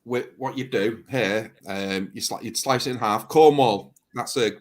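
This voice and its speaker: A man's voice: on the low side, unhurried. Northern english guy, easygoing, plain talking, explaining stuff to mates. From England. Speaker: guest YouTuber on a livestream. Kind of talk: casual chat.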